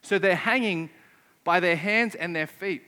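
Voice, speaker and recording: A man's voice: high-pitched, unhurried, pushed and bright, big-room sound. A man preaching a sermon, emphatic and often putting rhetorical questions to his listeners. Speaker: pastor.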